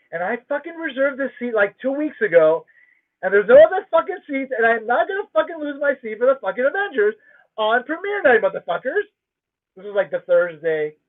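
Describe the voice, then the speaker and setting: A man hosting a livestream, telling a story in a casual, profane, emphatic rant from home. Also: high voice. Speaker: livestream host. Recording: tinny phone-like audio.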